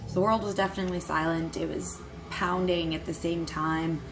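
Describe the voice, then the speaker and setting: A young adult woman vlogger tells a personal story to camera, candid, quick to swear, and letting out nervous little laughs. Her pitch is fairly low, and the recording is rough.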